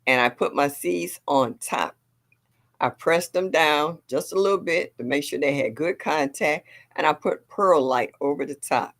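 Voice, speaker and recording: A woman's voice: sits low, a little slow, fairly bright tone. An older woman hosting a gardening livestream, chatting casually and reading viewer comments aloud. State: a little sore.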